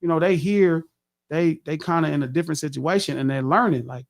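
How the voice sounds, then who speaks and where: A man's voice: fairly high pitch, fairly quick, gravelly. A middle-aged man hosting a podcast, telling a long casual story with lots of swearing and acting out what he said to others. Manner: profane, animated, acts out his own quotes. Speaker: podcast host.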